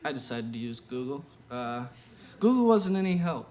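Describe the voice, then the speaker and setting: A young man doing a stand-up routine on a theater stage with a deadpan, halting delivery full of pauses. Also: medium pitch. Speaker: stand-up comedian. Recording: noisy live room recording.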